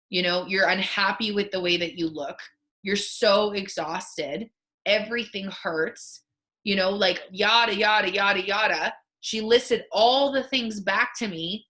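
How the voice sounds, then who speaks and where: A woman with a bright, forceful voice speaks over a video call. She coaches her team in a candid, emotional storytelling way, full of fillers and asides. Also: on the low side.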